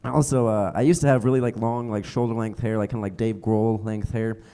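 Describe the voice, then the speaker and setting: A man's voice: fairly low pitch, fairly even intonation, fairly quick, warm tone, long reverb tail. A young adult man doing a stand-up comedy set on a theater stage, rambling and self-mocking, with many fillers. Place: theater stage before a live audience.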